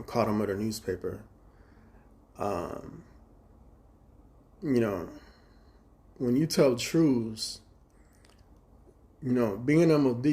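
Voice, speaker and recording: A man in his forties on a live stream, telling rambling, profane stories with reenacted quarrels and sometimes trailing off into low mutters. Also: a little mellow. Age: 40s. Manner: profane, agitated storytelling with reenacted dialogue. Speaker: livestreamer.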